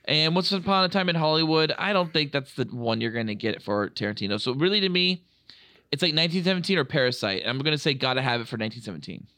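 A man's voice: fairly high pitch, animated, quick pace, bright, forceful tone, dry recording, studio quality. A man co-hosting a casual podcast, joking around and stumbling over restarts as he leads the segment. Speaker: podcast co-host. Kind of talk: casual chat.

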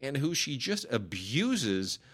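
A man's voice: medium pitch, sing-song, fairly bright tone, breathy edge. A man co-hosting a casual film review chat, enthusiastic and talking over his partner. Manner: enthusiastic, talks over partner, quick restarts.

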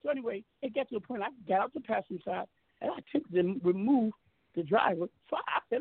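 Brief: high gravelly male storyteller, boastful and profane, phone line. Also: expressive, quick pace, dry recording. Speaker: guest telling a story. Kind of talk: animated storytelling on a talk show.

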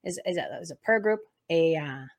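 A woman co-hosting a faith talk show, opening the episode in a rambling, excitable way with many restarts. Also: lowish voice, normal speed. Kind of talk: casual spoken introduction.

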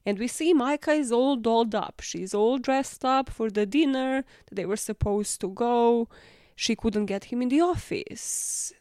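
A woman hosting a casual film recap, sarcastic and quick to swear as she retells the plot. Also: fairly high pitch, darkish tone, dry recording, studio quality.

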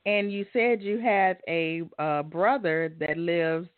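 A woman's voice: fairly low pitch, takes it slowly, no room sound. A woman hosting a casual interview in a loose, friendly, conversational way. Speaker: host. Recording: dry phone-like sound.

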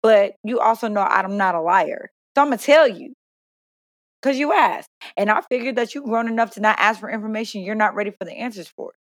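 A woman's voice: mid-range voice, fairly quick, no echo, clean studio sound. Blunt, profane young woman co-host. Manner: blunt, profane and playful, laughs often. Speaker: podcast co-host. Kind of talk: casual chat.

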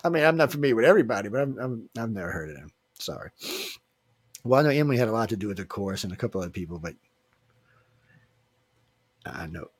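A man's voice: on the low side, lively intonation, fast talker, pauses often, slightly rough, no echo. A man hosting a casual radio show, joking and rambling with filler restarts. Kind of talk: casual live radio chat.

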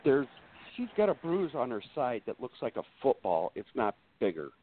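A man's voice: medium pitch, very animated, normal speed, a little hiss or hum. A man speaking as a guest on a call-in talk show, plainspoken and repeating himself. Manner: plainspoken, repetitive. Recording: tinny phone line.

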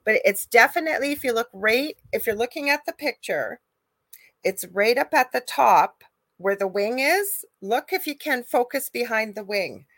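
A middle-aged woman co-hosting a live chat, telling a ghost story in an animated way. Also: a little high, normal speed, dry recording. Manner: animated storyteller, acts out quoted voices. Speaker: co-host, psychic medium.

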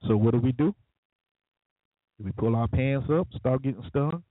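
A medium-pitched man hosts a talk show, giving an opinionated monologue full of sarcastic, preachy remarks and asides he chuckles through. The recording is dry and tinny, like a phone, with no room sound.

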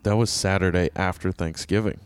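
A man's voice: deep voice, steady tone, a little fast, clear, resonant tone, dry recording. A man co-hosting a podcast, teasing his friend in a dry, laid-back way. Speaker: podcast co-host. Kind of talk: casual banter.

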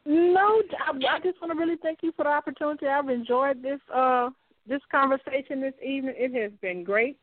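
A woman's voice: high-pitched, fairly quick, dry recording. A woman from Louisiana, a radio show guest, chatting easily and often repeating her words. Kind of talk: casual interview chat. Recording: dry, tinny phone line.

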